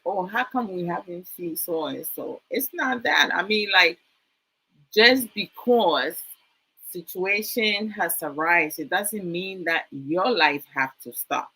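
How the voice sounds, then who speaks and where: A woman's voice: sits low, sharp tone, low-quality recording. A woman hosting a live stream, talking earnestly with many fillers and stopping to thank viewers for their comments. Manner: frequent fillers, slow and earnest. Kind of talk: casual live stream talk.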